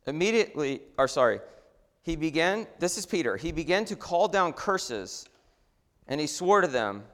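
A man preaching a sermon in a conversational, animated way, often restarting his phrases. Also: a little high, normal speed. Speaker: pastor. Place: church sanctuary. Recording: long hall reverb.

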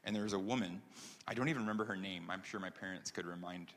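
Male pastor, lower voice, testimony sermon in a reverberant church hall. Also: quick pace, fairly bright tone. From upstate New York. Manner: earnest and conversational, many ums, building to emphatic.

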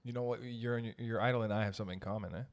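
A man's voice: lowish voice, steady tone, very fast. A male comedian and podcast guest, chatting in a playful, joking way. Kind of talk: casual chat.

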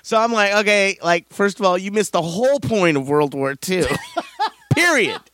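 Laughing, animated male podcast co-host. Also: high-pitched, normal speed. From Southern Maryland. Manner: laughs often, acts out quotes in raised voices. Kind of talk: casual comedic chat, storytelling.

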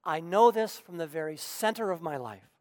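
A man's voice: on the high side, lively intonation, moderate pace, a little mellow, no echo, clean studio sound, long reverb tail, natural voice. A man doing a fervent old Polish professor. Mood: passionate. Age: 80s. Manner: fervent, earnest conviction.

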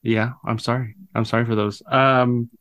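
A man hosts a loose, jokey podcast chat and steers it with questions. His voice is mid-pitched and sounds dry and close. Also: flat delivery, normal speed, fairly bright tone, dry recording. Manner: jokey, leads the questions, swears casually. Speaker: podcast host. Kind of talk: casual chat.

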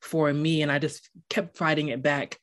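A woman's voice: low voice, flat delivery, normal speed. A woman hosting a podcast, chatty and rambling, with many fillers. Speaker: podcast host. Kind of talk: casual interview chat.

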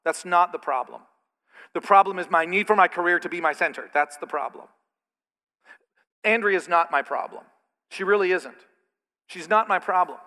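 A middle-aged man preaching a sermon as pastor, animated, slipping into mocking asides. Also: high voice, moderate pace, pauses often. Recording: reverberant hall.

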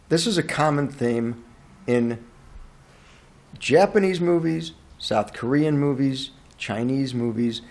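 A man hosting a casual movie podcast, ranting in an animated way and swearing freely. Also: medium pitch, creaky. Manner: animated, profane, incredulous ranting. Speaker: podcast host and movie reviewer.

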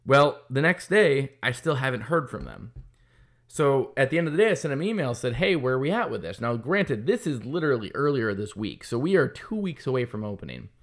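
A man's voice: mid-range voice, big pitch swings, brisk. A man who runs a business, telling a frustrated story in a casual, profane, heated monologue. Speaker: business owner opening a kart track.

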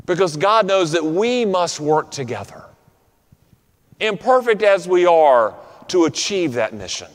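A pastor preaching a sermon to his congregation, with a rhythmic, repetitive preaching cadence that slows on key phrases. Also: high-pitched, big pitch swings. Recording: long reverb of a large room.

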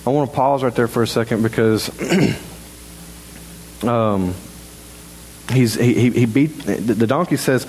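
A man preaching a sermon in a church in a halting, conversational way, full of restarts. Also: medium pitch, darkish tone, a little hiss or hum, low-quality recording. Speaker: pastor. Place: church sanctuary.

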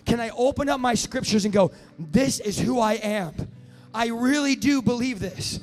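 An impassioned male preacher with a very high voice, his words ringing out through a big echoing hall. Faint music plays underneath as he presses and climbs toward shouts. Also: normal speed. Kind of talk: sermon.

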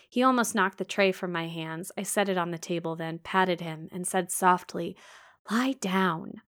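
A woman reading a classic novel aloud in an expressive, soft-spoken way, breaking off now and then for casual asides. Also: on the low side.

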